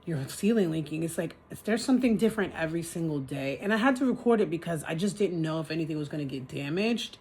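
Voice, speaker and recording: A woman's voice: low voice, a little mellow, a little hiss or hum. A woman venting in a casual vlog from her apartment, frustrated and ranting, swearing as she talks. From New York City. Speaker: vlogger. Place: apartment, indoors.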